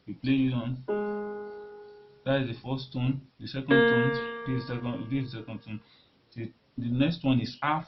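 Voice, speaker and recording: A man teaching a beginner piano lesson, talking in a halting way and repeating words as he demonstrates at the keyboard. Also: medium pitch, fairly even intonation. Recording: lo-fi recording with loud piano. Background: piano notes being played.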